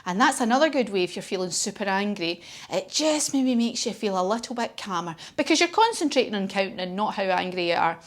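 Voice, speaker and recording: A woman leading a children's yoga class as a story, gentle and encouraging. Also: mid-range voice, animated, fairly quick, few pauses. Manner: gentle, encouraging, sing-song. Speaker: kids' yoga teacher.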